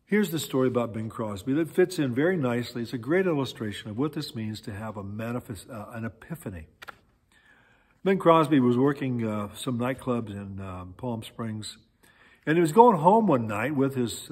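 A husky-voiced male pastor preaches a story-driven sermon in a church sanctuary, his pitch rising and dipping animatedly. He frequently stops to hunt for words, filling gaps with pauses and fillers, while the hall echoes with long reverb.

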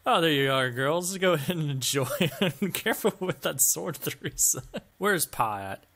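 A man narrates his gameplay with sarcastic jokes, frequent laughs and mild swearing. His pitch swings up and down with lots of animation and sits a little high for a man. He sounds like a casual let's-play commentator reacting as he goes. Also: expressive, moderate pace, a bit bright.

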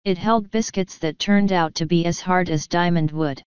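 A woman narrating an audiobook in a steady, even storytelling manner. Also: lowish voice, moderate pace, smooth, dry recording, muffled recording. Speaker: audiobook reader. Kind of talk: scripted narration.

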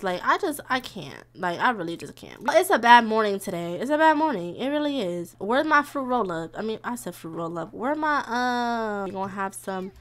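A young woman talks her way through a game. Her voice sits high and swings widely, and she chats freely and now and then yells at the characters on screen. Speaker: gaming streamer. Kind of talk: casual let's-play commentary.

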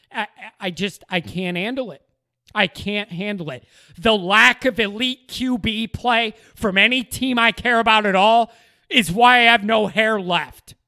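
A man's voice: sits high, pushed and bright. A man delivering an exasperated, opinionated sports rant as a commentator, repeating phrases for emphasis.

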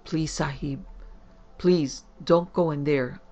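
Guy putting on a scared superstitious hunting guide, begging and warning, gravelly. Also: fairly high pitch, fairly even intonation, moderate pace, dull audio, soft background music, natural voice. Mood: pleading. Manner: pleading, urgent warnings. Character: frightened Indian hunting guide, man, superstitious.

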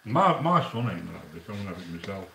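A man's voice: sits low, very animated, racing, vocal fry, recorded from a distance, background noise. A man giving a casual cooking demonstration in a home kitchen, chatty, with rambling asides between his instructions. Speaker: home cook. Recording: roomy echo, voice from off-mic.

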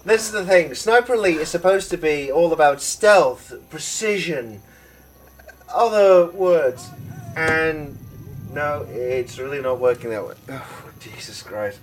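A man giving casual gameplay commentary, excitable and swearing, with sudden shouts and laughs. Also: a little high, measured pace, distant mic, poor audio. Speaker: gaming video host.

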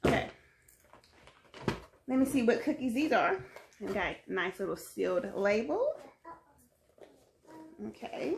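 A woman's voice: a little high, sing-song, a little slow, creaky, pauses often. Chatty woman vlogger in an echoey room. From Chicago. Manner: chatty, playful, talks to viewers as y'all. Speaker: food vlogger. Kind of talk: casual unboxing and tasting vlog. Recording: echoey room with faint noise.

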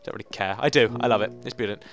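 A man's voice: fairly low pitch, rapid-fire, vocal fry, soft background music. A man giving casual gaming commentary, chatting to himself and joking with mock drama. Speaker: Let's Play gamer.

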